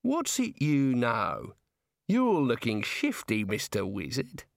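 A man voicing a blunt, sharp-tongued young woman with a scornful manner. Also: medium pitch, huge pitch swings, takes it slowly, creaky, no room sound, clean studio sound, heavily acted.

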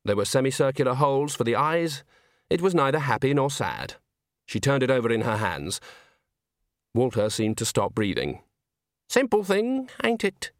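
A man reads an audiobook in a measured, expressive storytelling style, his voice at medium pitch. It's scripted narration recorded in studio quality with no room sound.

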